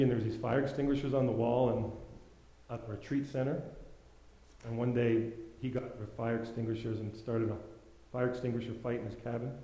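Storytelling male preacher in a roomy hall. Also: mid-range voice. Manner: storytelling, acts out voices, swings from quiet to loud exhortation. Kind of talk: sermon.

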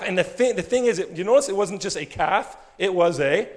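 A male pastor preaching a sermon with animated storytelling, dropping his voice low for emphasis. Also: a little fast, in a large hall.

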